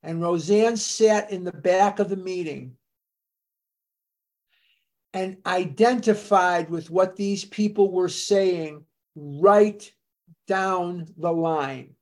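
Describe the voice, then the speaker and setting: Slow, deliberate older storyteller. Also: medium pitch, darkish tone. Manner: slow, deliberate, recounting dates and names. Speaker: speaker at a recovery fellowship gathering. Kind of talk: storytelling history talk.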